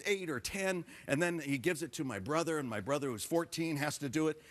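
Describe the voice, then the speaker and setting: A man telling animated stories as a guest on a talk show. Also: fairly high pitch, a little fast. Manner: animated storyteller.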